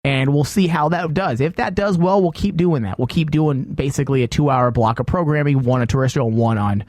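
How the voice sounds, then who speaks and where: A man's voice: a little high, a little fast, a little mellow, dry recording, studio quality. A man hosting a comedy podcast, reading an ad and announcing schedules in a loose, rambling way. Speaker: podcast host. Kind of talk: casual podcast talk and ad reads.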